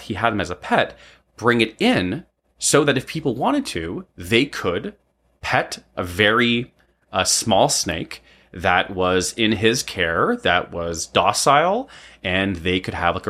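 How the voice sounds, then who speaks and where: A man's voice: lowish voice, fairly bright tone. A man of about forty telling a personal story in a casual, rambling way, often asking "right?" between thoughts. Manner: rambling, frequent "um" and tag "right?".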